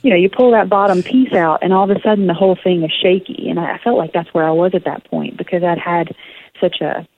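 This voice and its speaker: A woman's voice: fairly low pitch, fairly even intonation, quick pace. Southern woman author on a phone line. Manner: earnest, reflective, many fillers and restarts. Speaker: author and guest. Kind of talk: radio interview.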